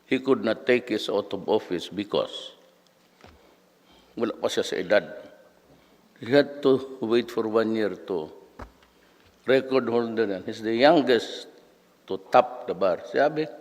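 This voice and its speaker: Man in his 70s, guest speaker, storytelling speech, rambling, lively pitch, echoey hall. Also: a little slow, pauses often. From Philippines. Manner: rambling, storytelling, mixes languages. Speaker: guest speaker at an alumni event. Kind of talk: anecdotal speech.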